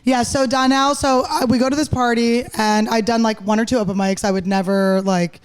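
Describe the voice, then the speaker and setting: Female comic guest from Philadelphia, thirties, fast and joking, does voices of the people she quotes. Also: a little high, steady tone. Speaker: comedian guest. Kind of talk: casual podcast storytelling.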